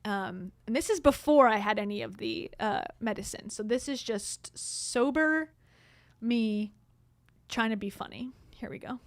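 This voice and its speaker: A woman's voice: a little high, measured pace, slight background noise. A middle-aged woman hosting a casual livestream, telling a story in a chatty way with frequent laughs. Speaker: livestream host. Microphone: streaming mic.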